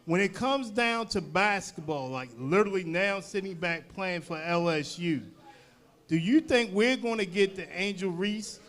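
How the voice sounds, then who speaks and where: A man hosting a casual podcast chat, asking guests questions in a relaxed, joking way. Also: high-pitched, moderate pace. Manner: relaxed, joking questions with "you know" fillers. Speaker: host.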